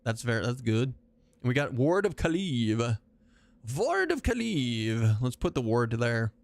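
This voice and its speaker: A man's voice: medium pitch, expressive, normal speed, no room sound. Joking, profane male game streamer. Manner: joking, profane, rambling asides. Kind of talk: casual livestream chat while gaming.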